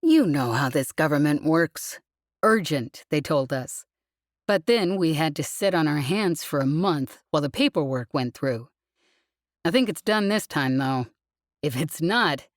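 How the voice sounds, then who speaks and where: A woman's voice: low-pitched, dry recording. A woman voicing a weary, wisecracking female demolition crew leader in an audiobook. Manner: dry, joking about bureaucracy.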